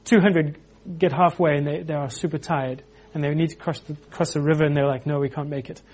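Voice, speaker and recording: A man preaching an informal sermon, animated, acting out quotes with frequent restarts. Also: on the high side, fairly quick, breathy edge.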